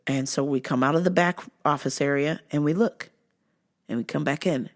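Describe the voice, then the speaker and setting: A woman hosting a podcast, talking casually to her listeners in a profane, animated rant. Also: low voice, normal speed. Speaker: podcast host. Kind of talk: casual solo monologue.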